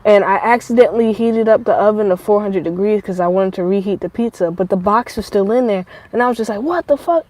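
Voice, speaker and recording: A woman's voice: medium pitch, fast, few pauses, low-quality recording. A woman vlogger telling rambling, profane stories in a casual monologue. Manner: profane, rambling, animated storytelling.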